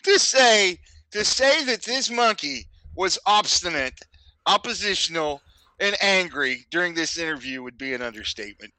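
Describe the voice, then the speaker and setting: A man's voice: high-pitched, big pitch swings, moderate pace, bright, forceful tone, no echo, low-quality recording. A man co-hosting a podcast, chiming in with dry, sarcastic remarks in casual comedic chat. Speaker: podcast co-host.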